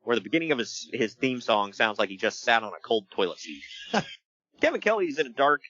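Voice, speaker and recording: Jokey male podcast co-host, lively and bright, dull dry close mic. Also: mid-range voice, dry recording. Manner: animated, jokey, does quick voices for quotes. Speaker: podcast co-host recapping wrestling. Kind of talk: casual chat. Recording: dull lo-fi sound.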